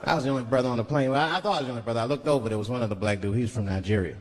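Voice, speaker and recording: A mid-range American voice races through a stand-up routine, with some chatter going on behind him. He tells loosely structured stories full of punchy, profane asides, recorded noisily live on stage before a laughing audience.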